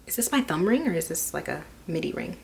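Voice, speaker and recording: Chatty young woman vlogger, low voice. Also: sing-song, fast, creaky. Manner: chatty and rambling, lots of fillers. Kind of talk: casual chat.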